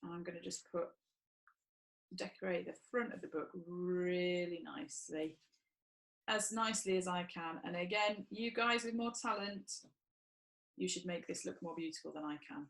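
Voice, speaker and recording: A woman leading an online children's church session, talking gently and playfully to small children while doing crafts and telling a story. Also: on the low side, steady tone, moderate pace, creaky, rough recording. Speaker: children's church group leader.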